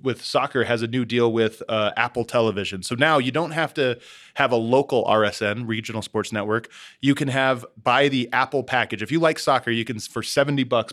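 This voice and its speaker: A man, a guest on a talk show, giving his opinions with clear enthusiasm. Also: mid-range voice, a bit bright.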